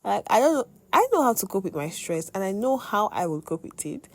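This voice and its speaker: A young woman hosting a podcast, telling a personal faith testimony in an expressive way, with sudden exclamations. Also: mid-range voice, brisk. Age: young adult. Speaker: podcast host.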